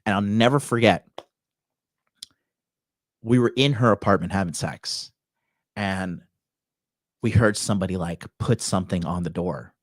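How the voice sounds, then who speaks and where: Speaking low and at a measured pace, pausing often, a dating coach and podcast host in Tokyo recounts a crude story on his dating talk show. The delivery is profane and swaggering, and the studio-quality recording is dry.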